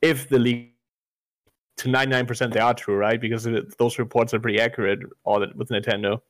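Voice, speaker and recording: Casual male podcast co-host, mid pitch, dry close mic, rambling filler-heavy delivery. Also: little pitch movement, brisk, no room sound. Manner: loose, swears freely, many "like" fillers. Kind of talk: casual gaming chat.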